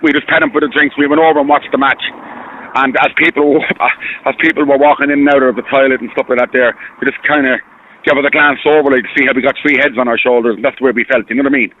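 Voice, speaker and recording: An Irish man speaks fast over a tinny phone line. He rambles, repeats himself and sounds earnest and hurt. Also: medium pitch, level tone. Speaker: caller. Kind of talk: phone-in radio call.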